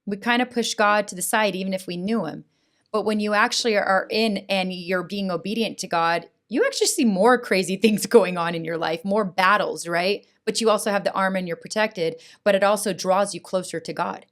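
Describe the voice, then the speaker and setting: A middle-aged woman speaks as a podcast guest, recounting personal experiences with earnest feeling. She talks in an animated way, checking in with her listener with a frequent "right?". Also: medium pitch, fairly quick. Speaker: school board president, guest. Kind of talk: emotional personal testimony in a podcast interview.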